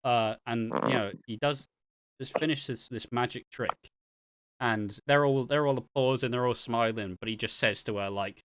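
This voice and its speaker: A man's voice: medium pitch, moderate pace, fairly bright tone, slight background noise. A man co-hosting a podcast, recapping soap episodes in chatty, casual talk and often laughing. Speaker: podcast co-host.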